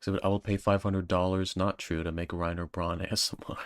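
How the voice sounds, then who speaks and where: Deep-voiced joking male streamer. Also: level tone, quick pace, no room sound. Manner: joking, self-mocking, stumbling restarts. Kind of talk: casual chat, reading viewer comments.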